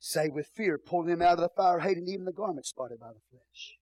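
A middle-aged Texan man preaches, his voice sitting a little high. He drops to soft murmurs and then rises into booming shouts. The sound is close and dry, with little room around it. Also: fairly quick, no echo, rough recording. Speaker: pastor. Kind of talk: sermon.

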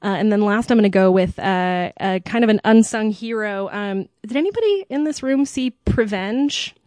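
A woman's voice: mid-range voice, lively intonation, normal speed, darkish tone, no room sound. Chatty upbeat woman, dry close sound. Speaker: podcast co-host. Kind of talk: casual chat.

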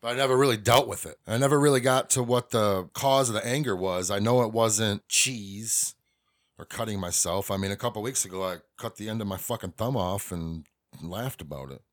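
A middle-aged man with a fairly low voice talks alone into a podcast mic. He rambles and swears freely as he confesses things, in a loose, casual way. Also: a little fast. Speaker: podcast host. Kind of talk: casual monologue.

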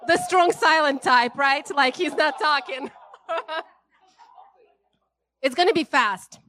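A woman preacher giving a casual, conversational sermon, chatty and animated, often checking in with "right?" and laughing. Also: sits high, takes it slowly.

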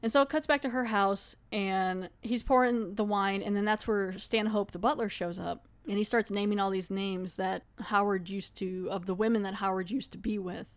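A woman podcast host giving a casual, chatty recap of a TV episode, laughing now and then and slipping into quick acted asides. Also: mid-range voice, fairly even intonation.

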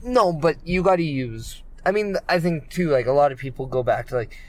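A man's voice: on the high side, lively intonation, brisk, a little mellow. A man co-hosting a casual wrestling podcast, rambling with many fillers and restarts. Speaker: podcast co-host.

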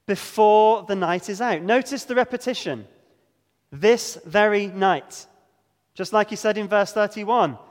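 A man preaching a sermon, earnest and emphatic, slowing down to stress key words. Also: high voice, big-room sound.

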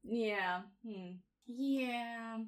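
A woman co-hosting a podcast in casual chat, laughing often and talking with animated, swearing energy. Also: on the high side, drawn-out words. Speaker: podcast co-host. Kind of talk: casual chat reviewing a TV episode.

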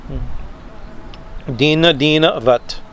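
Male scripture teacher, slightly high voice, hesitant, lots of fillers and tag questions, lecture style. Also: extremely slow, fairly bright tone, slight background noise.

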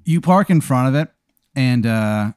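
A man hosting a podcast, telling an improvised absurd story in an animated, deadpan way. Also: mid-range voice, measured pace, smooth, no echo, studio quality. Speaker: podcast host.

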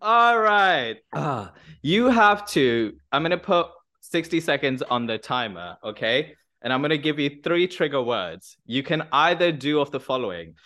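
A playful woman hosts a podcast and runs a quick-fire question game. She teases her guest and laughs often. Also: low voice, very animated, a bit bright. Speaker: podcast host.

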